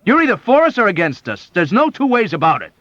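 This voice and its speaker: A man reading an audiobook and voicing a blustering, petulant middle-aged male colonel who complains loudly and indignantly. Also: medium pitch, wildly swooping pitch, quick pace, no echo, voice pushed up. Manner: loud, indignant, whiny blustering. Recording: dull, dry lo-fi audiobook.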